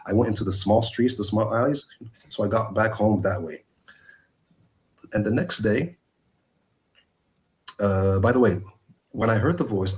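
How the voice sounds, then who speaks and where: Male guest calling in over video, lowish voice, earnest and halting testimony full of restarts. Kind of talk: personal testimony. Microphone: video call.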